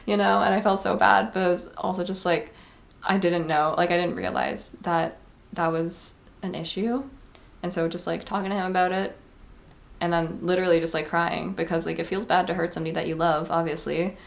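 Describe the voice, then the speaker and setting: A woman's voice: on the low side, fairly even intonation, brisk, creaky. A woman, talking casually and earnestly in a confessional vlog, full of "like" and advice. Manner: chatty, heavy use of "like", earnest advice-giving. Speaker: vlogger.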